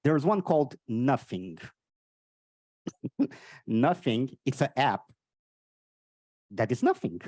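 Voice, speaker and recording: A man from Portugal with a Portuguese accent doing a stand-up comedy set and chatting with the crowd. He swings between high exclamations and low muttered asides. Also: sing-song, slow, long pauses, a little mellow, dry recording. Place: live comedy venue.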